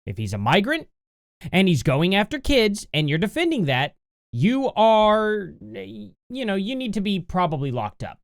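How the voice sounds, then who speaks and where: Indignant man with lively pitch. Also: unhurried, creaky. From United States. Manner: indignant, mocking. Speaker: commentary channel host. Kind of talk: reacting to a news clip.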